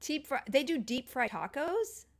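High, lively woman streaming a game. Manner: excitable, quick exclamations. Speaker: streamer playing a life-sim game with friends. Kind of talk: casual gaming chat.

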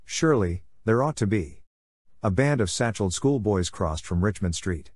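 A man narrating a literary novel as an audiobook reader, in a measured, even delivery. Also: fairly low pitch, dry recording.

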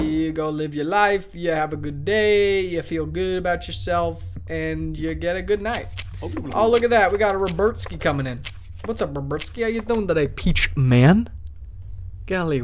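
A man doing live commentary on a horror game, joking and cursing as he talks to the characters at his door, swinging from loud mock cheer to muttered asides. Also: fairly high pitch, a little hiss or hum. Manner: jokey, profane, talks to game characters as a doorman. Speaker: let's play streamer.

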